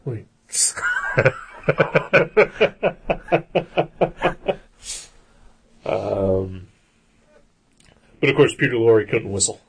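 A man's voice: on the low side, takes it slowly, gravelly, long pauses, slightly rough. A man talking casually about an old film, rambling with lots of fillers and restarts.

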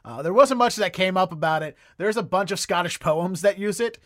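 A man's voice: high-pitched, a little fast, fairly bright tone, no echo, clean studio sound. A man with a Boston accent hosting a casual comedy podcast. He rambles and stumbles over words. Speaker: podcast host.

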